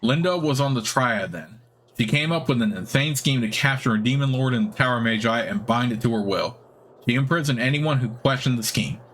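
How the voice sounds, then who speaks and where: A man's voice: medium pitch, brisk, fairly bright tone, natural voice. Chatty elderly wizard, eager, talkative, lonely, a man voicing him, fantasy game dialogue. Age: older.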